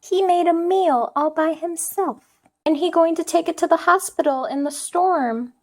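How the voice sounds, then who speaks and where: A young woman reviewing manga chapters, overwrought, half crying and shouting as she retells the story, swearing freely. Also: very high voice, normal speed.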